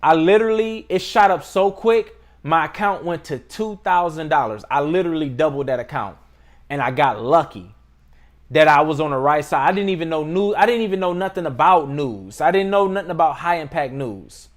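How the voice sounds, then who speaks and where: A young man hosting a trading channel, telling a story to camera in a relaxed, slangy, casual way from a room indoors. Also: on the high side, normal speed. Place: indoor room with adjustable lighting.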